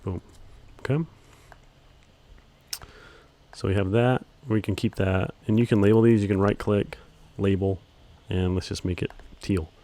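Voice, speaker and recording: A man teaching video editing in a screen-recorded tutorial, speaking in a relaxed monotone with frequent ums while he clicks through steps. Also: on the low side, normal speed, hardly any pauses. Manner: calls his own voice monotone, relaxed, many ums.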